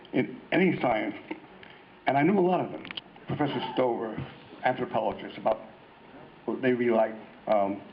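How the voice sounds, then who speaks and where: An older American man, a guest author, gives a rambling, anecdotal talk in a convention hall, hesitating and restarting his sentences often. His voice is mid-range and creaky, and the lo-fi hall recording has faint noise.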